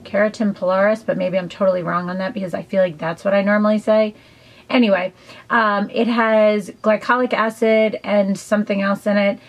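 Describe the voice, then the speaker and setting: A woman's voice: mid-range voice, flat delivery, normal speed, poor audio. A woman chatting casually in a beauty haul video, enthusiastic and rambling with lots of ums and side comments. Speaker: beauty vlogger.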